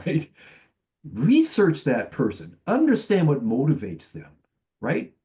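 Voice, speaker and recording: A man on a conference panel telling animated stories, acting out the voices of the people he quotes. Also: fairly high pitch, normal speed. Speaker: panelist, tech executive.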